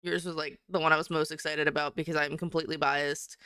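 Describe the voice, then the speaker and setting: A woman's voice: sits low, a bit bright, clean tone, dry recording, clean studio sound. A young woman artist chatting casually and giggling while she draws live on stream. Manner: chatty and giggly, rambling with frequent laughs. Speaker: artist livestreamer.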